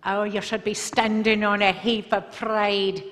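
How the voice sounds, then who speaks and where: A woman's voice: medium pitch, flat delivery, measured pace, a bit bright, lightly acted. A woman putting on a cheery, proud Irish woman with an Irish accent and a lilting, hearty delivery. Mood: jolly. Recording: long hall reverb, faint music.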